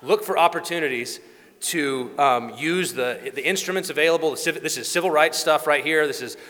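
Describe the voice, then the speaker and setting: Male preacher, animated sermon delivery with acted asides, recorded in a reverberant hall. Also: fairly high pitch, fairly quick. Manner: animated storytelling, acts out quoted voices.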